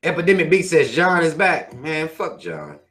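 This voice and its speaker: A man's voice: a little high, sing-song, moderate pace, fairly bright tone. A man hosting his own channel, reading viewer comments and ranting in a heated, profane, preachy way. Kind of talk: casual rant to viewers.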